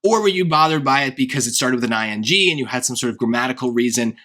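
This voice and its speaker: A man's voice: medium pitch, expressive, fast talker, pushed and bright. A man teaching a grammar lesson in a conversational way, thinking aloud with occasional fillers and restarts. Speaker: SAT tutor.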